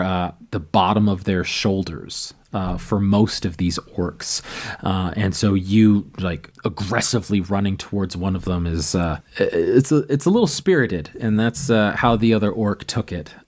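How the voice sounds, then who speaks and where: Man, deep voice, game master, filler-heavy narration. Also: a little mellow. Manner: loose, rambling narration with many fillers.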